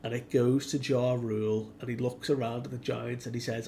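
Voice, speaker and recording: A man's voice: mid-range voice, little pitch movement, moderate pace, few pauses, mellow, a little hiss or hum. A man giving casual commentary as a manga reviewer, retelling scenes animatedly and acting out the quotes.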